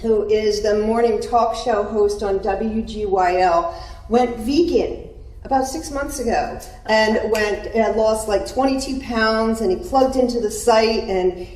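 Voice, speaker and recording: A woman's voice: fairly high pitch, measured pace, darkish tone. A woman who owns a spa talks chattily and unhurriedly at a community event, laughing now and then. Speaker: spa owner and group founder. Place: event room. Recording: echoey room from far off.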